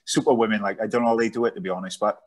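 A man's voice: fairly low pitch, steady tone, rapid-fire. A man in his thirties, a podcast guest, chatting casually and often asking "do you know what I mean". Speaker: guest, charity founder. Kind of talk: casual chat.

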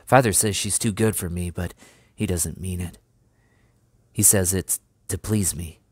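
A man voicing a gentle young farm lad turned soldier, who speaks softly and fondly as if to his horse. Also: deep voice, steady tone, unhurried, breathy edge, no echo.

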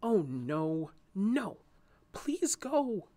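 A man voicing a shy, prickly female weed in a storybook, high and fretful. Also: very animated, drawn-out words, a little mellow, no echo, full character voice. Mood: alarmed. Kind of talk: storybook narration.

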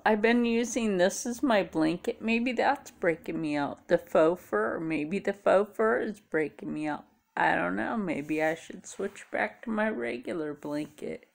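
A woman's voice: medium pitch, gravelly. A tired middle-aged woman chatting casually to camera, rambling and musing aloud. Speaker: vlogger. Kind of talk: casual chat.

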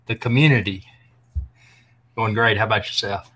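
A man's voice: fairly low pitch, moderate pace, pushed and bright, husky. Man chatting as a livestream guest. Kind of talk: casual chat.

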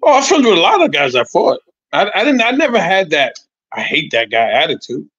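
A man's voice: fairly high pitch, brisk, slightly rough, dry recording, muffled recording. Profane storytelling man in his sixties. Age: 60s. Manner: animated storytelling, profane, repeats phrases. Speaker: interview guest, former boxer. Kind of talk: casual podcast chat.

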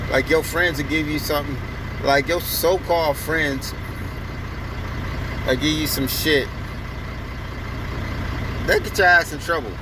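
A man ranting bluntly and with a lot of swearing in a casual monologue, as a truck driver filming himself at a truck stop. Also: on the high side. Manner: blunt, profane, heated. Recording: outdoor traffic noise.

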